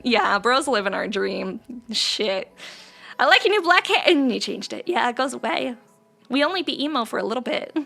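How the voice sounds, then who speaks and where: Young woman streamer, high bright voice, teasing casual chat, faint music behind. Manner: playful, teasing, laughs often.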